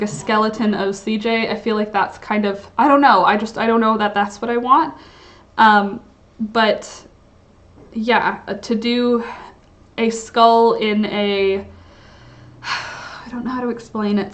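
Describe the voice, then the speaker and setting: A young woman hosting a casual livestream, chatting and reading chat comments, rambling with lots of "like" and "um". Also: a little high. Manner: rambling, filler-heavy, frequent "like" and "um".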